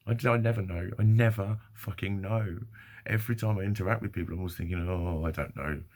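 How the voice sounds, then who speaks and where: A man's voice: on the low side, steady tone, quick pace, creaky, a little mellow. A man vlogging in a rambling, sweary, self-deprecating monologue. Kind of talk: casual monologue.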